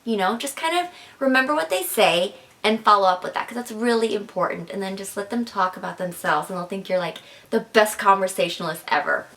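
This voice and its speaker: A woman's voice: medium pitch, animated, brisk, a bit bright. A young woman giving chatty, casual advice in a vlog, filling her talk with "like" and "kinda". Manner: chatty, filler-heavy with frequent "like" and "kinda". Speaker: advice vlogger.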